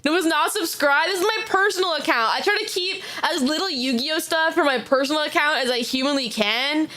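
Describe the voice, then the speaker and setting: A young woman streaming live, chatting casually as she reacts to videos, excitable, laughing often and swearing freely. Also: sits high, a little fast. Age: young adult.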